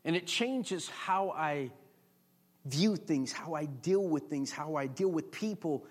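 Pastor, male, fairly high voice, casual preaching style, climbs to loud emphatic peaks. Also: expressive, slow pace. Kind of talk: sermon. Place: church before a congregation.

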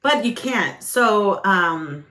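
A woman's voice: medium pitch, extremely slow. Woman host telling her story, acts out the quotes, lots of likes and ums, roomy echo. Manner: animated storyteller, acts out quoted voices, frequent fillers. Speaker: ministry podcast host. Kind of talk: personal testimony storytelling.

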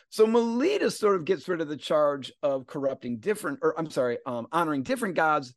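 A man's voice: fairly high pitch, a little fast, few pauses, no room sound, studio quality. A man hosting a casual philosophy podcast, explaining a text and playfully acting out the quotes. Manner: animated, paraphrases quotes in a playful voice. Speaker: podcast host.

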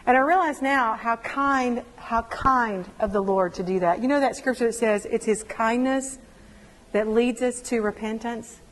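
Woman speaker, animated testimony, slightly high voice, echoing hall. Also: normal speed. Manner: animated storytelling, acts out quotes. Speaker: women's ministry speaker. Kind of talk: personal testimony sermon.

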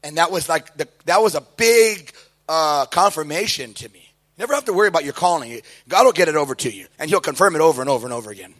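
A middle-aged man, preaching a sermon and telling his life story with lively, acted-out quotes. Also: fairly high pitch, quick pace. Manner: animated storytelling, acting out quoted voices. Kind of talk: sermon testimony.

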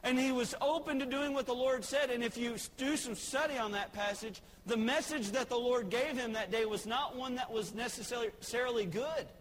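A man's voice: very high voice, moderate pace, hardly any pauses, fairly bright tone, in a large hall, rough recording. A man preaching a sermon with passion, stammering and repeating words as he builds his points. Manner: impassioned, repeats words, voices characters in a Bible story. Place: church.

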